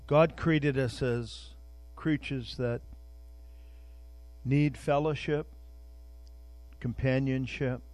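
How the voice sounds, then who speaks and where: A man's voice: medium pitch, fairly even intonation, drawn-out words, long pauses, a little mellow, dry recording. An older man preaching an informal sermon, speaking conversationally and repeating words while searching for them, with a prayer woven in.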